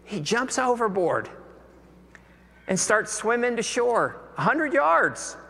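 Bright-voiced preacher in a big hall. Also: male voice, very high voice, takes it slowly, creaky. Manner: animated, acts out the voices of the people in the story. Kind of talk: sermon storytelling. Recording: long hall reverb.

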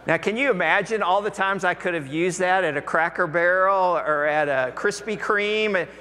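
Bright-voiced preacher in a big hall. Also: male voice, high-pitched, moderate pace. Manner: animated, acts out the voices of the people in the story. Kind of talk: sermon storytelling. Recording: long hall reverb.

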